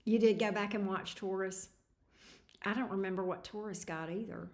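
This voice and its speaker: A snarky woman hosting a tarot livestream talks casually with her viewers, laughing often as she reads their messages aloud. She sounds tired, and her voice sits at an ordinary middle pitch. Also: steady tone, moderate pace.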